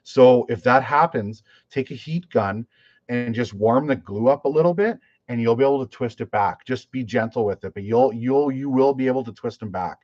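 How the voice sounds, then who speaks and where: A man with a medium pitch and a slightly mellow tone talks at normal speed. As a fishing guide and YouTuber hosting a live chat, he reads questions from viewers and tells stories in a rambling way, with frequent restarts and "like." No room sound comes through the dull, dry, lo-fi recording.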